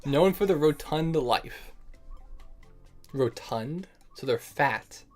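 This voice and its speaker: Joking young male streamer, higher voice. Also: expressive, slow pace, darkish tone, soft background music. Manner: joking, laughs often, calls people bro and man. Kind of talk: casual livestream chat.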